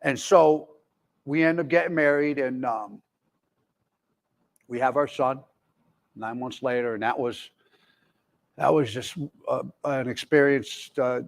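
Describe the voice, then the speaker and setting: A man's voice: mid-range voice, a little slow, long pauses. A man in his forties telling his own recovery story candidly, rambling with many fillers and restarts. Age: 40s. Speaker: speaker in recovery. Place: jail, indoors.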